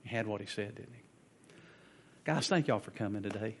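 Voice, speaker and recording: A man's voice: lowish voice, a little hiss or hum. A man preaching a sermon as pastor and leading a prayer in a reverent, earnest way. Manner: slow, soft and reverent in prayer, loud and animated when telling a story.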